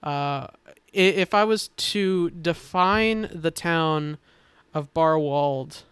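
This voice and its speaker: A man on a casual podcast, explaining characters in a halting, thoughtful way with many filler pauses. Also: fairly high pitch, a bit bright, smooth, dry recording. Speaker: game designer explaining characters.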